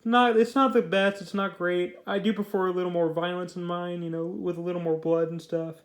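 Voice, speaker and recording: A young man with a fairly high voice talks through a comic book review in a loose, rambling way. He restarts sentences often and uses lots of filler words. The room around him rings with echo. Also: flat delivery, brisk.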